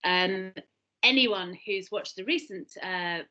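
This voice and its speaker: A woman's voice: medium pitch, slow, highs cut off. A woman with a London accent, a guest on a video-call podcast, who explains things by acting them out. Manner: animated, explains by demonstrating. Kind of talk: casual podcast chat.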